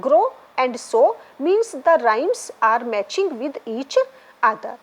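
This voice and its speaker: A woman teaches a literature class, her high voice rising and falling widely as she goes. She speaks slowly and repeats each point, often pausing to ask "right?" or "okay?". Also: sing-song, low-quality recording. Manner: repetitive, explanatory, checks in with "right?" and "okay?". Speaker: English literature lecturer. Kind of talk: classroom lecture.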